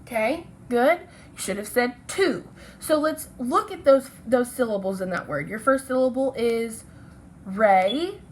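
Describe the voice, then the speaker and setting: A woman's voice: fairly high pitch, slight background noise. A woman teacher giving a recorded phonics lesson to children, speaking patiently and sounding out letters and syllables.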